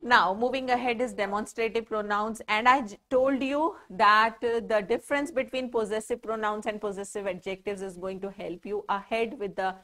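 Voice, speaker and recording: A woman's voice: mid-range voice, fairly even intonation, moderate pace, hardly any pauses, fairly bright tone. Female grammar teacher, Indian English accent, patient explainer for young students. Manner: explains patiently, asks the children questions and answers them herself. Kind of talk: classroom lesson.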